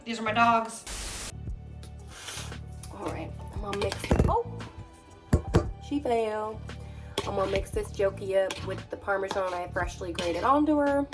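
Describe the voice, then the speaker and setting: Chatty, swearing young woman vlogger. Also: a little high. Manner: profane, emotional, chatty. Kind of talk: casual vlog chat. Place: home kitchen.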